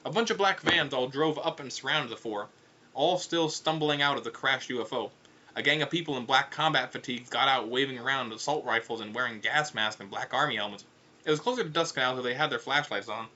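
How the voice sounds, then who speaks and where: A man's voice: medium pitch, a little fast, sharp tone, lo-fi sound. A man narrating a comedic audiobook in a casual, offhand way with irreverent asides.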